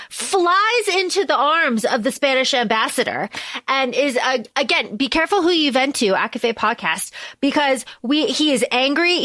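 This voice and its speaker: Brief: young woman co-host, higher voice, dry close sound, animated casual recap. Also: no echo. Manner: animated, acts out scenes in quoted voices, swears casually. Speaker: podcast co-host. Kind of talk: casual movie recap chat.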